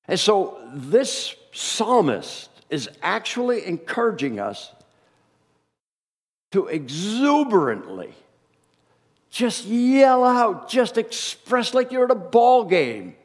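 A congested man delivers a sermon at an unhurried pace, his fairly high voice rising and falling with lively emphasis. He restarts phrases often as he presses his points. The sound carries a long reverb, as if recorded in a large church hall. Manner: animated, emphatic, with frequent restarts. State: congested with a cold. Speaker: pastor.

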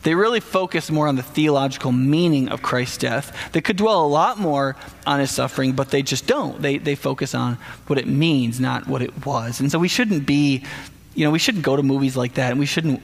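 A man preaching a sermon in a conversational, animated way, speaking directly to the congregation. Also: medium pitch, moderate pace, gravelly. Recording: long hall reverb.

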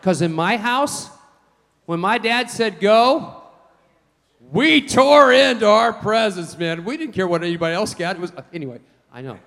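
A man preaching a sermon, telling folksy stories in an animated way. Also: sits high, moderate pace, big-room sound. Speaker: pastor.

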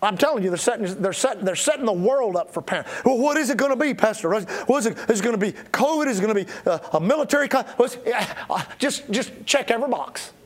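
High-voiced emphatic male preacher. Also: animated, quick pace, few pauses. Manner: preaching with emphatic repetition and sudden drops to quiet. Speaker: pastor. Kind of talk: sermon.

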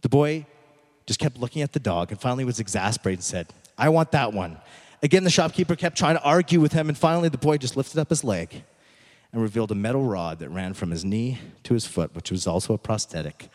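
A man giving a sermon as a pastor, telling a story slowly and emphatically, dropping at times to a near whisper. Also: mid-range voice, animated, darkish tone. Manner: dramatic storytelling, slow emphatic pauses, drops to near whisper. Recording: echoey hall.

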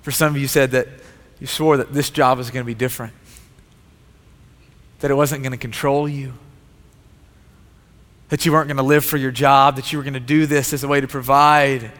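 A man's voice: mid-range voice, little pitch movement, moderate pace, long pauses, a bit bright. A male pastor preaching a sermon with an earnest, repetitive cadence. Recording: long hall reverb.

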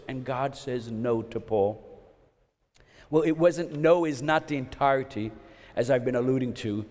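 A pastor preaches earnestly and conversationally, often restarting his sentences. His voice is on the high side and a little mellow, and long hall reverb surrounds it.

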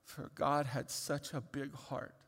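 A man, a pastor, delivering a sermon that moves from quiet reflection to loud, pleading emphasis. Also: medium pitch, level tone, takes it slowly, in a large hall.

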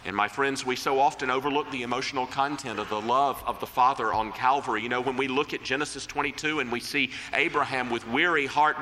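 Earnest preacher in an echoing hall. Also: male voice, fairly high pitch, pushed and bright, a little hiss or hum. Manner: earnest, deliberate, slows to quote scripture. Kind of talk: sermon. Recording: long reverb of a large hall.

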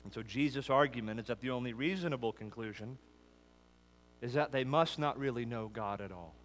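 A man preaching an expository sermon, building emphatic lists that rise and then drop low. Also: a little fast, a bit bright. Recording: long hall reverb.

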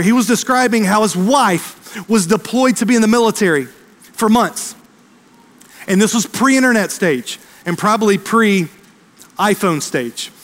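A man preaching a sermon as pastor, fervent, speeding up and slowing down for emphasis. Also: extremely high pitch. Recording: long reverb of a large hall.

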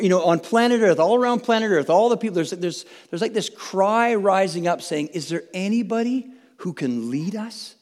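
Guy preaching, pretty high voice, earnest and rambly, big echoey church hall. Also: darkish tone. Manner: earnest, chatty, with frequent restarts and tag questions. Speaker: pastor. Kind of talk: conversational sermon. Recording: long reverb from a large hall.

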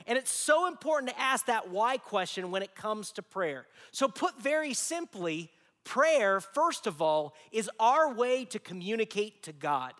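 Male pastor, forties, very high voice, folksy preaching with jokes and rhetorical questions, long hall reverb. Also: big pitch swings, a little slow. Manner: warm storytelling with humor and rhetorical questions. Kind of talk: sermon.

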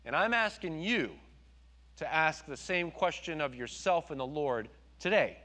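A man preaching a sermon, telling his story with animated quoted voices. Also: on the high side, measured pace. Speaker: pastor.

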